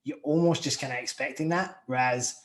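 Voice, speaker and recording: A man's voice: mid-range voice, brisk, fairly bright tone. Easygoing Scottish man hosting a podcast. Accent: Scottish, softened. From Scotland. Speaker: podcast host. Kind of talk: casual podcast interview.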